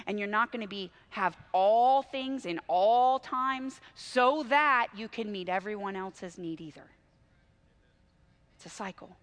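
A woman's voice: mid-range voice, unhurried. A middle-aged woman preaching a sermon, telling stories with emphatic swings in volume.

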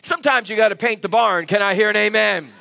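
High-voiced preaching man, forceful. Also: fast, gravelly, no echo. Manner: emphatic preaching with call-and-response. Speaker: pastor. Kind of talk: sermon. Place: church sanctuary.

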